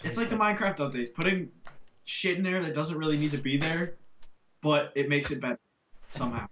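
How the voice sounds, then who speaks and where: A man's voice: fairly high pitch, lively intonation, fairly quick, fairly bright tone, a little hiss or hum. A young man in casual podcast chat, crude and rambling.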